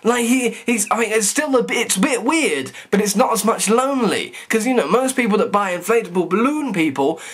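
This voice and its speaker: A man's voice: high-pitched, animated, brisk, few pauses, a bit bright, husky. A young man, talking straight to camera in a rambling, stammering comedic rant full of mock outrage. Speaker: vlogger.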